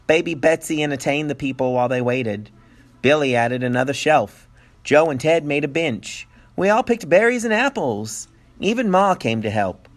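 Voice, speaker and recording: A male teacher reading a picture book aloud with animated storytelling and playful asides. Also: on the high side, moderate pace.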